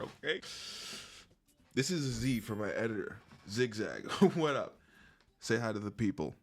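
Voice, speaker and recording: A man's voice: medium pitch, expressive, moderate pace. A man talking to camera in a casual vlog, rambling and jokey, swearing freely and breaking into laughs. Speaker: YouTuber.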